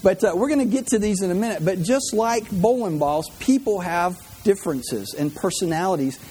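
A man's voice: high voice, animated, normal speed, a little mellow, a little hiss or hum. A man preaching a humorous sermon in a church, chatty, repeating words and tossing in jokey asides.

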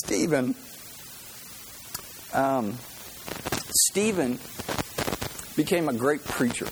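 A male preacher delivers a story-led sermon in a fairly high voice, chatty and conversational. He keeps checking in with his listeners as he goes. A faint hiss sits under his voice. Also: normal speed. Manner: conversational, asks "right?" often.

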